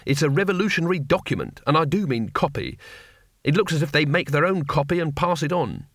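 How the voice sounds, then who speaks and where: Narrator playing a grumbling, deadpan coward of a wizard, dry close sound. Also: male voice, a little high, a little fast, dry recording. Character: cowardly, sardonic wizard man, weary and grumbling.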